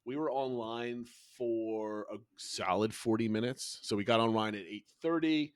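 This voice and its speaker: Animated dad telling a trip story. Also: male voice, medium pitch, unhurried, clear, resonant tone, no room sound. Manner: animated storytelling with frequent restarts. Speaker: podcast co-host, father. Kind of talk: casual chat.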